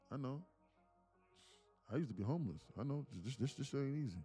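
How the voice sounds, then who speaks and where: A man's voice: mid-range voice, expressive, brisk, long pauses, warm tone, breathy edge, no echo, faint music behind. A man hosting a livestream, rambling and joking casually in a loose rant. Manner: rambling, joking, laughs often. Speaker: day trading livestreamer.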